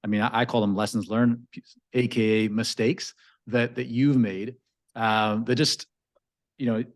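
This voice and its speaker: A man's voice: medium pitch, steady tone, unhurried. A man hosting a podcast, asking long, meandering questions with fillers. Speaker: podcast host. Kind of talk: interview questions.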